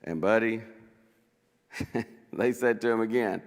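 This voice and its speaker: A man leading a conversational Bible study in a church, animated as he acts out scripture quotes and chuckles along the way. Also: lowish voice, takes it slowly, big-room sound.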